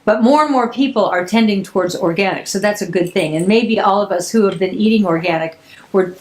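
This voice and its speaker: An older woman hosting her podcast, talking casually and warmly through a story. She gets emphatic at the strong moments and keeps a conversational flow. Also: medium pitch, a little fast, poor audio. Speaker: podcast host. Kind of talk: casual chat.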